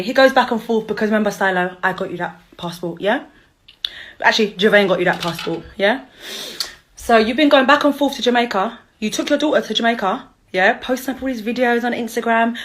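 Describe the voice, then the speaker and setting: A young woman ranting and cussing in an angry call-out vlog. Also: a little high. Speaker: vlogger, mother.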